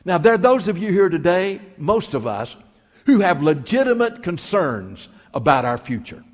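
A man's voice: high voice, very animated, normal speed, in a large hall. A man preaching a sermon as pastor, emphatic and repeating key phrases.

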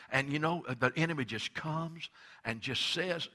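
A man preaching a sermon as pastor, going from quiet explanation to loud, impassioned preaching. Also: a little high, unhurried.

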